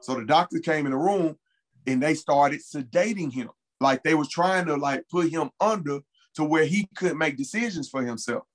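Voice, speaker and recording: An interview guest, a man with a fairly high voice, recounts events in loose, casual speech. He is earnest and emphatic and often repeats his key points. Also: normal speed, poor audio. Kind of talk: casual conversational storytelling.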